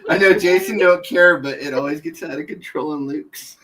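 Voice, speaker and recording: A man's voice: on the high side, normal speed, sharp tone, far from the mic, a little hiss or hum, rough recording. A man joking and laughing on a casual group livestream. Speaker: livestream panelist.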